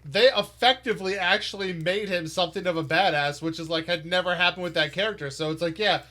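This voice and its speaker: A man's voice: high-pitched, fast talker, pushed and bright. A man chatting enthusiastically on a movie commentary podcast, peppering his talk with "like". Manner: enthusiastic, filler-heavy. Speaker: podcast regular.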